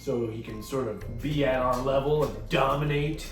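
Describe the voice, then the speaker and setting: A man's voice: medium pitch, moderate pace. A man hosting a comedic casual vlog, talking in a jokey, self-mocking way. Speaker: host. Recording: roomy sound from a distance with music.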